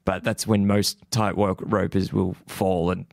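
A man's voice: deep voice, little pitch movement, measured pace, gravelly, no room sound, studio quality. A man co-hosting a movie podcast, chatting casually, swearing and laughing often. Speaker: podcast co-host. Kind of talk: casual movie review chat.

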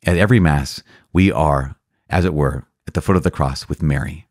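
A man, a priest, explaining the Catechism in an earnest, enthusiastic way, often restarting phrases and laughing softly. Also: a bass voice, normal speed, dry recording, clean studio sound. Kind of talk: podcast teaching.

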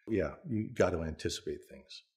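A man in his sixties, a veteran stunt performer, telling anecdotes in an interview with a relaxed manner, frequent restarts and little chuckles. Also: sits low, fairly quick. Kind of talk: interview storytelling.

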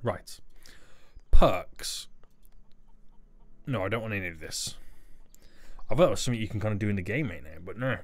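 A man's voice: fairly low pitch, expressive, moderate pace, long pauses. A young man doing playful, teasing livestream commentary while he plays a game and reads out donations. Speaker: gaming YouTuber reading donations.

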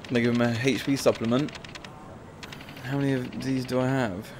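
A man's voice: mid-range voice, little pitch movement, normal speed, noisy background. A man giving casual, profane and jokey commentary while playing a video game. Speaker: gameplay commentator. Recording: game music playing behind the voice.

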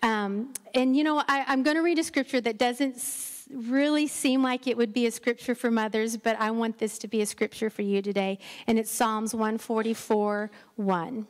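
A woman's voice: fairly high pitch, fairly even intonation, moderate pace, hardly any pauses. A middle-aged woman giving an encouraging Mother's Day sermon from a church stage, often stumbling and restarting her sentences. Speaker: pastor's wife preaching. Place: church sanctuary. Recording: long church hall reverb.

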